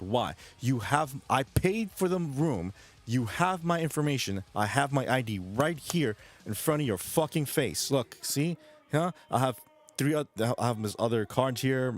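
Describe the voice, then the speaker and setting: A young man from New York ranting in a vlog, profane and agitated, repeating himself as he talks. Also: medium pitch. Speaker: vlogger.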